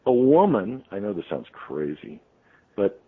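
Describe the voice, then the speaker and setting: A man's voice: on the low side, sing-song, a little slow, breathy edge. A man, a radio show guest, telling a long story in a rambling way full of ums and restarts. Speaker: interview guest, author. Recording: tinny phone line.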